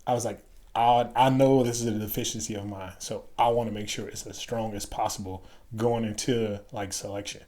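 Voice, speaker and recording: A middle-aged former Green Beret from Chicago, appearing as a guest in a casual interview, tells stories animatedly and acts out the voices of the people he quotes. His voice is lowish and a little fast.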